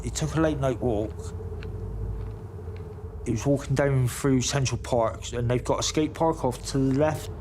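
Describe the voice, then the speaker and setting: A man tells his story plainly and bluntly, swearing freely as he goes. His voice sits at a middling pitch. A faint hiss runs under the recording. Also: measured pace, pauses often. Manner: informal, blunt, swears often. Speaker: interviewee. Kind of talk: recounting events to camera.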